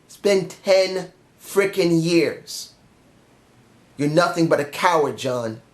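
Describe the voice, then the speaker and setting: A man voicing a menacing veteran male wrestler who taunts with slow, goading questions. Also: on the high side, expressive. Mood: contemptuous. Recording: roomy echo.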